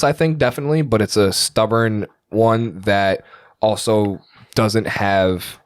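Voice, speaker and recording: A young man with a deep voice co-hosting a podcast, talking bluntly and swearing freely in casual chat. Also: no room sound, studio quality. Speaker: podcast co-host. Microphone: studio podcast mic.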